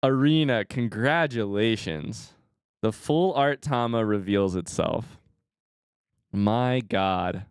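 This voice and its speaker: A young adult man hosting a casual live stream, talking to chat and swinging from hushed remarks to loud excited outbursts. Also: on the low side, slow pace, clear, resonant tone, dry recording, studio quality. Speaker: streamer host.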